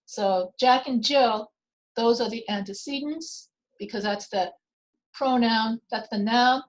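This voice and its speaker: A woman teaching a grammar lesson, explaining slowly and deliberately with repeated example sentences. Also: on the high side, low-quality recording. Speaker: writing teacher.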